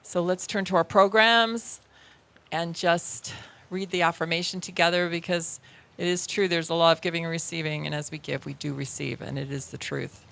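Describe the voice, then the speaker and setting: A woman minister leading a church service, speaking in a gentle, unhurried way as she guides the congregation. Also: lowish voice, fairly even intonation, vocal fry.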